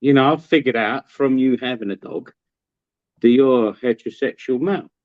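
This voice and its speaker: A man's voice: mid-range voice, normal speed, no room sound, narrow, tinny audio, lightly acted. A man voicing a smug, pompous middle-aged professor in a told joke.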